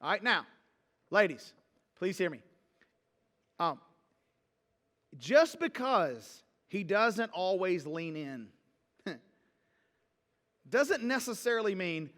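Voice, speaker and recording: A man's voice: high-pitched, big pitch swings, slow, pauses often, a bit bright, in a large hall. A man preaching a sermon as pastor, talking casually and joking with the congregation. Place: church hall.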